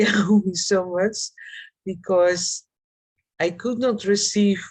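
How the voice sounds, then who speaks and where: Woman, slow, halting, heartfelt, group video call. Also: mid-range voice, rough recording. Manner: slow, halting, heartfelt, non-native phrasing. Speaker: circle participant. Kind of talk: personal sharing in a group call.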